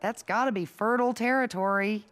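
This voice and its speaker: A catty, meddling woman in a cartoon, voiced by a woman. Her voice sits at a middle pitch. She talks in a chatty, insinuating way. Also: fairly quick, fairly bright tone, lightly acted.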